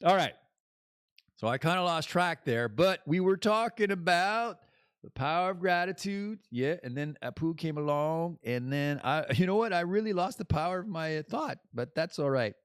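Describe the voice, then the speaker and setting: A man's voice: on the high side, animated, moderate pace, smooth, dry recording, clean studio sound. Rambling man hosting a solo podcast. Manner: rambling and digressive, laughs at his own jokes. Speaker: podcast host. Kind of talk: casual solo podcast monologue.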